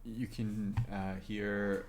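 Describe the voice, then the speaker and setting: A man narrating as game master of a tabletop game, halting with many fillers. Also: fairly low pitch, flat delivery.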